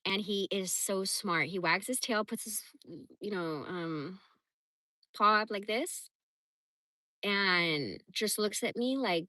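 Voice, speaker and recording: A woman in her forties chatting casually on a livestream, reading comments and telling stories in a blunt, profane, animated way. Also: medium pitch, takes it slowly, dry recording. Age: 40s. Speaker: livestream host.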